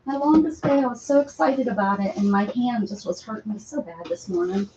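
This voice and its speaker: With a medium-pitched voice and a slightly quick delivery, a woman runs a casual crafting livestream from her cluttered home. She chats with and apologizes to her viewers and coos at her pets. The audio is dull and lo-fi, carrying faint noise.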